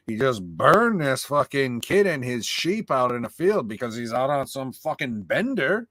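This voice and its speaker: Casting note: male co-host with a lively, swooping delivery, profane and animated, dry close sound. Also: medium pitch, normal speed, few pauses, dry recording. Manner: profane, animated, acts out his reactions. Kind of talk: casual review chat.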